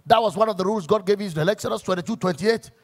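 A man's voice: high-pitched, very fast. A man, a pastor preaching a sermon to church workers in a church, emphatic as he weaves stories and scripture quotes.

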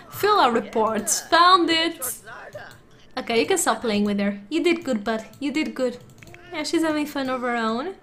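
Giggly high-voiced woman gaming. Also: fairly bright tone, a little hiss or hum. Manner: giggly, chatty, frequently laughing. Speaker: gaming channel host. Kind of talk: casual let's play commentary. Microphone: desktop USB microphone.

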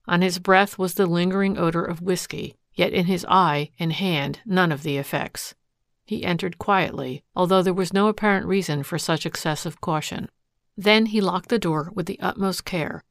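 Female audiobook narrator, measured and steady, with a gravelly texture. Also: lowish voice, dry recording, clean studio sound. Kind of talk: scripted narration.

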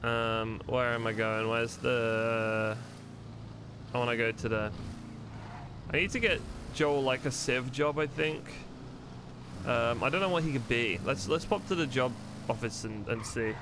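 A man's voice: mid-range voice, measured pace, background noise. A man streaming a roleplay game live from home, chatting to viewers in a loose, rambling way, swearing freely and thinking aloud as he plays.

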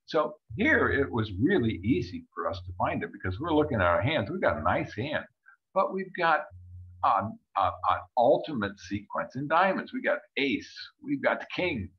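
A man's voice: mid-range voice, big pitch swings, normal speed, muffled recording. A man teaching a card-game lesson as he walks through a hand on screen, chatting and acting out what the players think. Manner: chatty, acts out players' thoughts in little voices. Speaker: bridge teacher. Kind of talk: screen-share lesson walkthrough.

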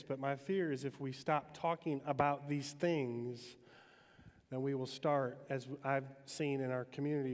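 A man from Metro Detroit giving a relaxed, conversational sermon as a chapel speaker at a university, with frequent ums. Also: medium pitch. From Metro Detroit, Michigan, US. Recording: long hall reverb.

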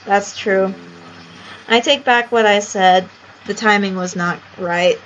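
Slow, playful woman gamer on lo-fi mic. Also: mid-range voice, fairly bright tone, a little hiss or hum. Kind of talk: casual gaming chat.

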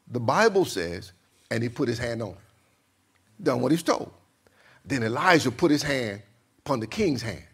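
A man's voice: mid-range voice, sing-song, moderate pace, gravelly, long pauses, a bit bright, slightly rough. A man preaching a sermon as pastor, acting out a king's confused voice and talking back and forth with his congregation.

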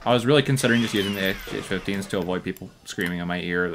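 A young man with a deep, slightly bright voice talks very fast and barely pauses while commentating his own strategy game run, thinking aloud and swearing occasionally. It's casual gameplay commentary with slight background noise.

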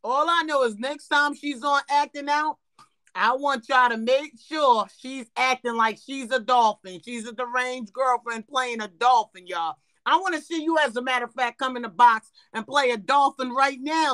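A woman's voice: high-pitched, normal speed, no echo, faint music behind. Brash woman hosting a live app room. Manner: loud, brash, swearing, talks straight to the audience. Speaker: host of a live app show. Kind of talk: casual live-stream hosting.

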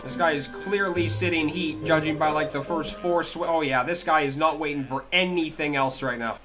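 A man giving live gameplay commentary, cursing freely and swinging between low muttering and yelling at the game. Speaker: gaming video creator. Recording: clear game music under the voice. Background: game music.

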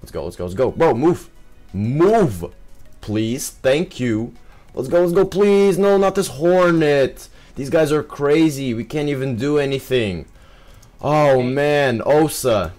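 A young man giving excitable live commentary over his own gameplay, full of exclamations and fillers. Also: mid-range voice, takes it slowly, faint music behind.

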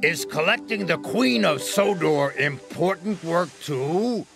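Haughty big engine, huffy and scornful, unhurried, done by a male narrator. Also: on the high side, lively intonation, vocal fry, music in the background, voice pushed up, full character voice. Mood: sly.

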